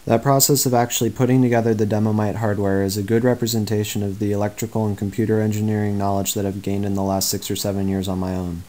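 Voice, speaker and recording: A high school boy narrates a prepared presentation of his work. His voice sits low and dark, and he keeps a flat, even monotone while explaining technical details step by step. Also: rough recording. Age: teens. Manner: measured, explanatory. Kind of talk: scripted project narration.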